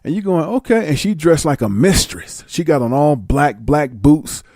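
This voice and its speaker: Man vlogger, lively blunt storyteller with a mellow voice, dry room. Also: on the high side, moderate pace, dry recording. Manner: animated, blunt and profane. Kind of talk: casual storytelling.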